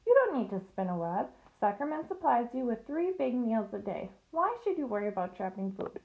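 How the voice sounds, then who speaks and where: A woman voicing a wise, calm female spider in a storybook reading, explaining things patiently. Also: on the high side, a little fast, slight background noise, low-quality recording.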